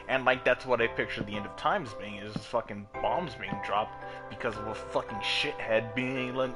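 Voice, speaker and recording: A man hosting his own gaming video, his speech rambling and full of swearing and sudden excited outbursts. His pitch sits in an ordinary middle range. Clear game music plays behind him the whole time. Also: normal speed. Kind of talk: casual gameplay commentary and rant.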